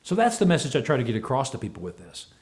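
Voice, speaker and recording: A man giving a talk on leadership, telling a story with lively, animated delivery and acting out both sides of a conversation. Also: mid-range voice, very fast. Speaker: speaker on leadership.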